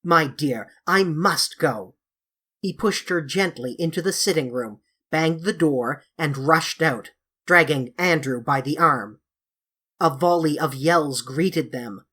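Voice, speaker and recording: A woman reading a classic children's novel aloud in a measured, expressive storybook narration. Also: sits low, slightly rough. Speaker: audiobook reader.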